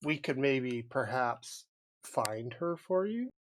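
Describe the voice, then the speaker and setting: A man's voice: mid-range voice, takes it slowly, slight background noise. Chatty man playing a tabletop game. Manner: lively, thinks aloud with many likes and restarts. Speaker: player. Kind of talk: casual tabletop play.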